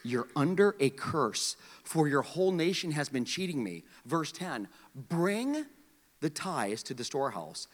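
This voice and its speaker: A man preaching a sermon, animated, dropping to quiet asides and then rising to near shouts. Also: a little high, unhurried. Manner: animated, swings from hushed to shouting. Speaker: pastor. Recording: long hall reverb.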